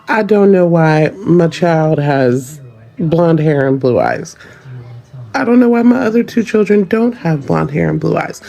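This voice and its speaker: Mellow-voiced mom with a Southern lilt. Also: female voice, lowish voice, vocal fry. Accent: slight Southern US. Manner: joking, frank and sassy. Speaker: mother. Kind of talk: casual vlog to camera.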